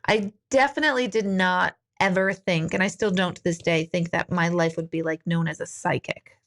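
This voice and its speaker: A woman's voice: on the low side, fairly even intonation, normal speed. A woman hosting a casual live-stream Q&A from a room at home. She talks informally, reads viewer comments aloud and laughs easily. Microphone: live-stream device mic.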